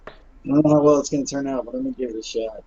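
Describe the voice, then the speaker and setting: A man's voice: medium pitch, steady tone, rapid-fire, mellow. A man playing in a tabletop game over voice chat, stammering and self-conscious. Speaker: player. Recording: dull lo-fi mic.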